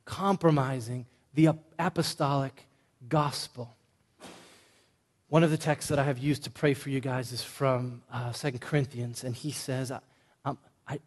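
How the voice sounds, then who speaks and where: A man's voice: fairly high pitch, darkish tone. A man preaching a sermon in an emphatic, conversational way, stacking short punchy lists. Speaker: pastor.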